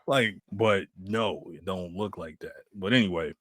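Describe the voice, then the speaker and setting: A man's voice: low-pitched, measured pace, a bit bright, no room sound, studio quality. A man co-hosting a casual chat, rambling and restarting with lots of fillers. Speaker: podcast co-host.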